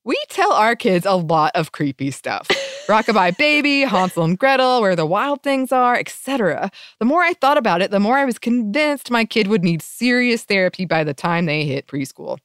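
Woman podcast co-host, chatty and animated, laughs often, dry studio sound, mid pitch. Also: moderate pace, few pauses, dry recording. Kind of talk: casual chat and reading listener mail.

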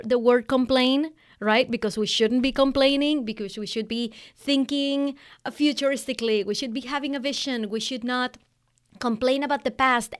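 A woman's voice: on the high side, smooth. A woman hosting a business coaching podcast, giving advice in an emphatic, conversational way and acting out quotes from clients. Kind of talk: energetic solo podcast advice.

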